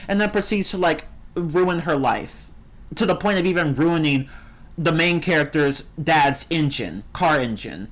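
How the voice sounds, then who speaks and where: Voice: a little slow, fairly bright tone. A game streamer in casual live-stream chat, rambling and opinionated, answering the chat. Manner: rambling and opinionated, with swings in pitch.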